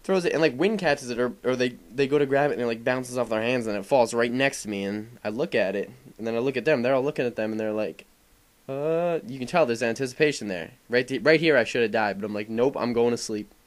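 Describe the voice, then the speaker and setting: A young man talking loosely over gameplay footage in casual voice-over commentary. He rambles along with plenty of filler words and swears freely. His voice sits at an everyday pitch for a man. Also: fast. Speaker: gaming commentator.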